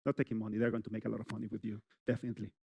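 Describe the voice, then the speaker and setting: A middle-aged man lectures on public speaking at a university, talking directly to the audience with animation and plenty of "you know" fillers. His fairly low, husky voice has vocal fry, he talks rapid-fire, and the high frequencies are cut off.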